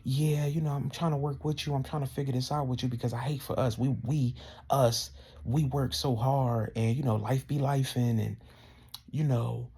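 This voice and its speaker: A man's voice: mid-range voice, level tone, normal speed, dark tone, slightly rough. A man quoting a falsely friendly woman clerk on the phone, in a placating, mock-soothing tone. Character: smooth-talking female office clerk on the phone.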